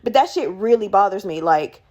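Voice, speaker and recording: This podcast host is a young woman with a medium-pitched voice at a moderate pace, and the audio sounds dull. Her storytelling is casual, animated, and full of profanity, and she raises her voice to act out the people she quotes.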